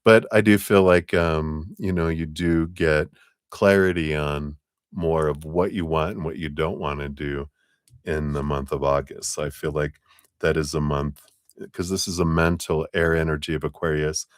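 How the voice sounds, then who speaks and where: A man with a very low voice talks through a tarot reading on a live stream. He rambles in a relaxed, casual way, with plenty of fillers, and cheerfully thanks viewers by name. The sound is dry and close. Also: moderate pace, clear, resonant tone, no room sound. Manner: loose, rambling delivery with many fillers. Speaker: tarot reader.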